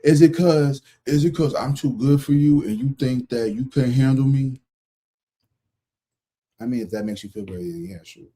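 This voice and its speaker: A man's voice: mid-range voice, moderate pace, mellow, slightly rough. A man giving a casual, blunt tarot reading, talking conversationally and swearing freely. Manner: conversational, acts out other people's voices. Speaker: tarot reader.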